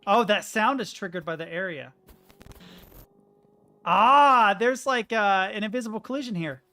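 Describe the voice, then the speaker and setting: A young man livestreaming gameplay and talking to his chat, excitable, yelling then muttering to himself. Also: high voice, moderate pace, soft background music. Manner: excitable, yelling, swings between shouting and muttering. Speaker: game streamer. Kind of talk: live-streamed gameplay commentary.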